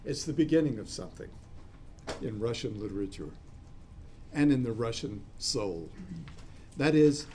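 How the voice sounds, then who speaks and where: A man lecturing a class in a discursive way, spelling out terms letter by letter and pausing with fillers. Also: medium pitch, lively intonation, mellow, slight background noise.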